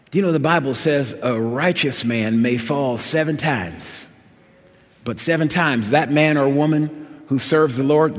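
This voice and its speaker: A man preaching a sermon, telling a personal story, swinging between emphatic appeals and low, quiet recollection. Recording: long hall reverb.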